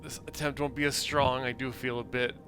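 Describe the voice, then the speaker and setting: A man's voice: mid-range voice, flat delivery, fairly quick, fairly bright tone, a little hiss or hum. A man playing a cleric in a tabletop game, chatting casually and laughing often at himself. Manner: laughs often, self-mocking. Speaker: player.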